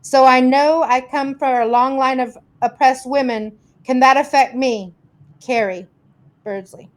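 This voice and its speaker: A woman's voice: high-pitched, fairly even intonation, unhurried, a little hiss or hum. A woman hosting a casual live stream, chattily greeting viewers by name and reading their questions. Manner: warm greetings, chatty, rambling. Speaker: host reading viewer comments.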